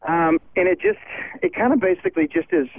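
A man's voice: high voice, very animated, brisk, no room sound. A man, a touring musician, talking with upbeat, laid-back ease on a phone call into a live radio show while walking around a concert venue. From United States. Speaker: touring worship musician, guest. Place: outside a tour bus, walking into a concert venue. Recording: tinny phone line.

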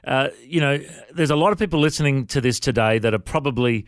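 A man's voice: medium pitch, fast, dry recording, studio quality. A man hosting a radio interview in a chatty, friendly way. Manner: chatty, says mate. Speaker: radio host.

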